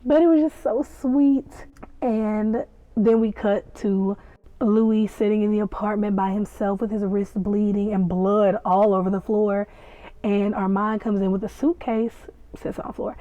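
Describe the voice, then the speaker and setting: A woman hosting a podcast reviews a TV episode, recapping and reacting in gushing, chatty fashion with playful asides. Her mid-range voice is warm but flatly delivered, and she's unhurried. The recording is dry, echo-free and tinny like a phone.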